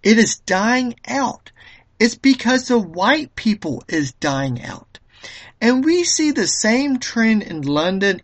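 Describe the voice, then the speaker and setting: A political commentator delivering a monologue, reading from an article and commenting on it in a halting way with frequent fillers and restarts. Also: mid-range voice. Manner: slow and halting, with many "um"s and restarts.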